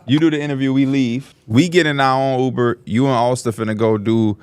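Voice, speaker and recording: A man co-hosting a podcast, telling stories in an animated way and acting out the voices of people in them. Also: mid-range voice, a little fast, smooth, no room sound. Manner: animated, laughing, acts out voices in his stories. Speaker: podcast co-host. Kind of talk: casual storytelling among friends.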